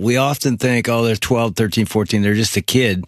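A man's voice: mid-range voice, moderate pace, few pauses, dry recording, studio quality. A man hosting a talk show, thoughtfully reflecting on a guest's story. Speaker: host. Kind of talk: radio talk show discussion.

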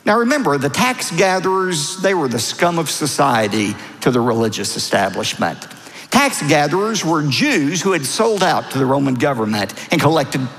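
Animated male pastor preaching in a reverberant hall. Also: on the high side. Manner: animated, acts out voices in quotes. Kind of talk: sermon.

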